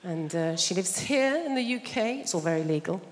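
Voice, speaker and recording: Woman, stand-up comic, self-deprecating, relaxed, live theatre, long reverb. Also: fairly low pitch, moderate pace. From England, from Brighton. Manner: relaxed, self-deprecating asides with filler ums. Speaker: stand-up comedian. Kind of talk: stand-up comedy set. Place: large theatre stage. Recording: echoey theatre, noisy live room.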